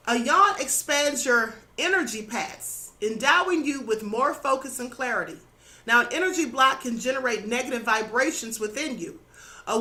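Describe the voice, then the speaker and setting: A woman with a high, bright voice gives a spiritual lesson in an earnest, instructive way. She checks in with the listener as she goes, and her voice sounds a little worn. She talks as the host of her own channel. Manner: earnest, instructive, adds "okay?" and "you know". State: slightly losing her voice. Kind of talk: spiritual teaching monologue.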